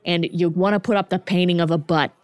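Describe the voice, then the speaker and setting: A woman's voice: lowish voice, steady tone, fast talker, a little mellow, no room sound. A woman acting as game master, narrating a tabletop game in a laid-back way with frequent chuckles.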